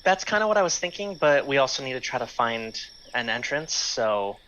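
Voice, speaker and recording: A man's voice: medium pitch, sing-song, moderate pace, a bit bright. A man playing a tabletop game, laying out a plan with rambling restarts. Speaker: player. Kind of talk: casual tabletop game chat. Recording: dull lo-fi mic with faint hiss.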